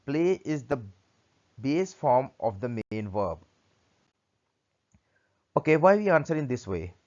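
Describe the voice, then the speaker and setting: Slow, deliberate male grammar teacher. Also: mid-range voice, sing-song, darkish tone. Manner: deliberate, reads example sentences one by one. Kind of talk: read-aloud grammar lesson. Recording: dull lo-fi recording.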